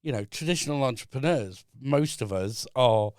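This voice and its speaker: A man as a guest on a podcast in a studio, calmly explaining his business ideas with frequent fillers. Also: medium pitch, no room sound. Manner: measured, explaining step by step with many fillers. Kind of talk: casual chat.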